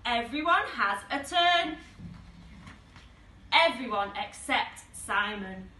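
A woman from a nursery reading a picture book aloud to small children in a slow, expressive storytelling voice, recorded in an echoey room with the mic at a distance. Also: fairly high pitch.

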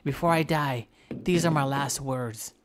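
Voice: medium pitch, unhurried, background noise. A gameplay commentator giving playful, rambling let's-play commentary, teasing and pleading with the game as they play.

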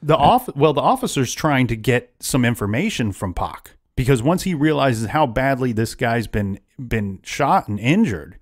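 A man's voice: mid-range voice, lively intonation, moderate pace, few pauses. A man hosting a casual true-crime podcast, retelling events at length with frequent restarts. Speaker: podcast host.

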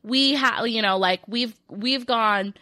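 Woman, 30s, podcast co-host, bright voice, chatty and giggly, dry close sound. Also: fairly high pitch, no echo. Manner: chatty, giggly, quick bursts. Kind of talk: casual podcast chat.

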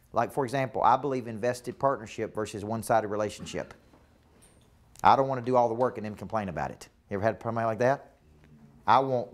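Emphatic Southern business coach. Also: male voice, mid-range voice. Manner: emphatic, repetitive, checks in with the room. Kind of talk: live coaching seminar.

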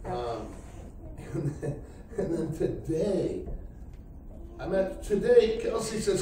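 Middle-aged guy telling his testimony in church, slightly high voice, rambly, playing out the quotes, big echo from far back. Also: animated, unhurried, pauses often, dark tone. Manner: rambling storyteller who acts out quoted speech. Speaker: church member giving testimony. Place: church during a night service. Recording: echoey church hall from far off, faint hiss.

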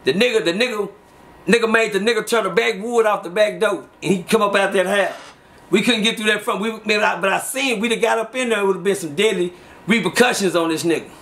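A middle-aged man, telling street stories in a loose, animated way, acting out quotes and laughing often. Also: high-pitched, fast talker. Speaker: interview guest. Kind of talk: casual street storytelling.

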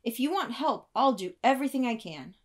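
A woman's voice: a little high, animated, a little fast, voice pushed up. A woman doing an eager young helper. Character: eager helpful young man.

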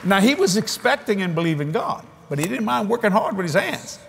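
A man preaching at a convention, telling a story in a folksy, animated way with frequent restarts, speaking into a stage microphone before a congregation. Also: sits high, a little fast, creaky, a faint crowd, a little hiss or hum. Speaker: evangelist preacher. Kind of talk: storytelling sermon.

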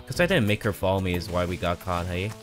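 A man's voice: low voice, expressive, fast talker, over music. Self-mocking male game streamer. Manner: self-deprecating, rambling, pleads with a game character. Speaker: gaming streamer. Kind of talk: casual gameplay commentary. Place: home room with a TV. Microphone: desk mic on an arm.

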